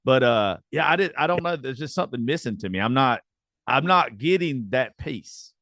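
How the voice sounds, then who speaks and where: A man's voice: mid-range voice, expressive, moderate pace, fairly bright tone, no echo, clean studio sound. A man hosting a podcast, thinking aloud in casual chat. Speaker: podcast host.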